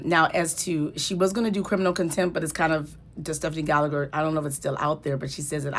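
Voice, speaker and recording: A woman talking casually as a legal commentator, explaining court cases in a conversational way that turns heated and emphatic. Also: sits low.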